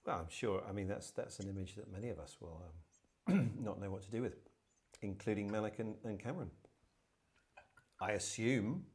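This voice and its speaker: A man hosting an interview, asking measured questions with a dry sense of humor. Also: fairly low pitch, darkish tone. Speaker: interviewer host.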